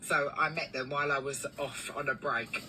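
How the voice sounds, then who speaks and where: A woman who runs a cleaning business, telling a long story in a chatty, animated way with lots of fillers. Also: rumbling low, normal speed, distant mic, a little hiss or hum, low-quality recording. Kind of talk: casual storytelling vlog.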